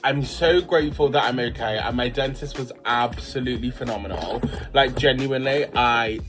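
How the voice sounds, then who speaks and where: A man's voice: medium pitch, moderate pace, music in the background. Chatty guy telling a story. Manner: chatty, slangy, dramatic retelling. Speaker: vlogger. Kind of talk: casual storytime chat.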